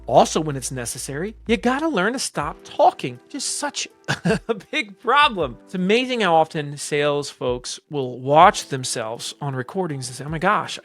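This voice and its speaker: A man coaching salespeople on camera, talking slowly, calmly and deliberately. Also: a little high. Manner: slow, calm, deliberate coaching delivery. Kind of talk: direct-to-camera teaching.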